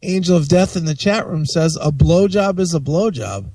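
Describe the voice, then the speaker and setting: A tipsy man with a high, lively voice co-hosts a radio show, cracking crude jokes. His voice sits a little away from the mic in a dry room. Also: normal speed, no echo, distant mic. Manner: crude, joking. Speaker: co-host. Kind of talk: casual comedic radio banter.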